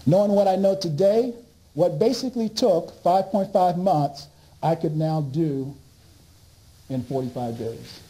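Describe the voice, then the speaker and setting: At a measured pace and fairly high pitch, a man tells stories in a talk as a speaker and author, heard on a rough recording. He restarts sentences and lively plays out his exchanges with doctors.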